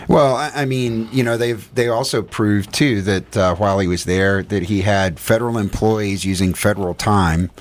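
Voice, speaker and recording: A man's voice: fairly low pitch, fairly even intonation, moderate pace, hardly any pauses. A man with a New England accent, co-hosting a morning radio show and giving his views in a rambling way with many restarts. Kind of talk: casual radio talk.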